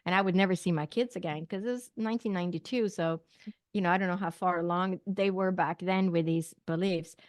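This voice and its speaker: A woman's voice: fairly low pitch, fairly even intonation, fairly quick, dry recording, clean studio sound. A middle-aged woman from Sweden, a podcast guest telling a personal story with lots of fillers and acted-out quoted dialogue.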